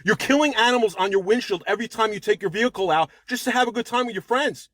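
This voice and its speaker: A man's voice: high-pitched, fast, fairly bright tone, no room sound, clean studio sound. A man calling into an online debate, rambling and agitated, cursing as he argues. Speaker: debate caller.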